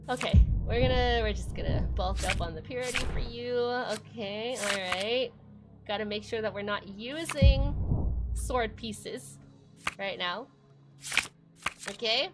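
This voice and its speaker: A woman streamer giving live gameplay commentary, talking to herself, swearing often and laughing between lines. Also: sits high.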